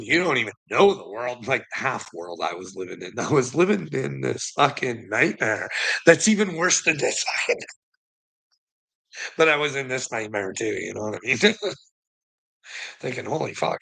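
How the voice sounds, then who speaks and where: A man's voice: medium pitch, sing-song, a little slow, vocal fry, pauses often, bright, forceful tone, husky, low-quality recording. A man in a casual, rambling monologue, swearing often and laughing between thoughts. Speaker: vlogger.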